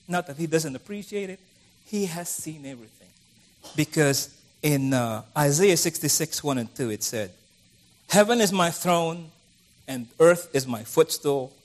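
A middle-aged man preaching a conversational sermon, acting out the voices of the people he quotes. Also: on the high side.

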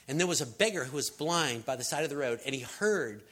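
A man's voice: mid-range voice, lively intonation, brisk. A man giving a sermon in a casual storytelling way, acting out the people in his stories. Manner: storytelling, acts out voices, shouts for emphasis. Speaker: preacher.

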